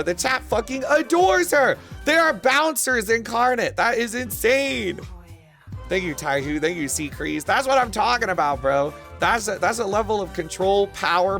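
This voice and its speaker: A man with a gravelly, bright voice pitched a little high, talking to his stream in a crude, rambling way. He breaks into excitable bursts. Faint music plays underneath. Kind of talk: casual stream chat.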